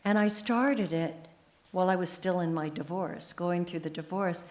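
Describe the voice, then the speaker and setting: A woman in her seventies, a memoir author talking as a guest in a casual onstage conversation, telling lively stories and acting out the voices she quotes. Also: on the low side, moderate pace. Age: 70s. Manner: animated storyteller who acts out quoted voices. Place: live talk event on stage.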